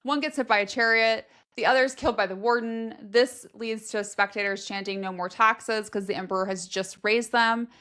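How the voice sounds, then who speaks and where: A woman's voice: a little high, fairly even intonation, normal speed, hardly any pauses, fairly bright tone. A woman co-hosting a casual book podcast, recapping plot events candidly and swearing casually. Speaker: podcast co-host.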